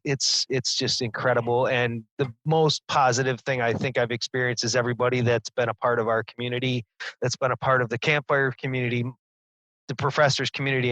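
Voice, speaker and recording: Upbeat man with a bright forceful voice. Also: mid-range voice, dry recording, low-quality recording. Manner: enthusiastic, laughs often, repeats words. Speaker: podcast co-host. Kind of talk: casual podcast chat.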